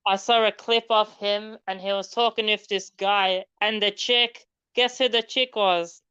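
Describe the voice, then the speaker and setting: A woman's voice: medium pitch, steady tone, sharp tone, clean tone, no room sound, muffled recording. A woman in casual podcast chat who stumbles and restarts her sentences as she brings up topics. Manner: halting, stammers and restarts.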